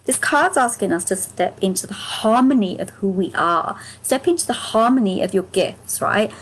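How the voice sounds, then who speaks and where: A woman leading a live angel card reading, speaking in a gentle, affirming, soothing way. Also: mid-range voice, expressive, moderate pace, husky, poor audio. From United Kingdom. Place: home, live stream.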